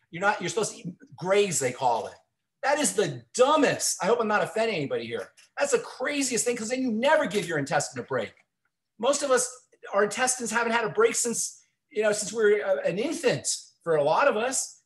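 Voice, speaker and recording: A man's voice: high voice, a bit bright. A man hosting a radio health show, giving earnest, encouraging advice to callers in a Q&A.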